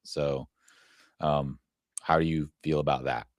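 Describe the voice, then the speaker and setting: A man producing and hosting a live show, explaining things in a halting way with many fillers. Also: extremely low pitch, fairly even intonation, dry recording, studio quality. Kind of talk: live casual show chat.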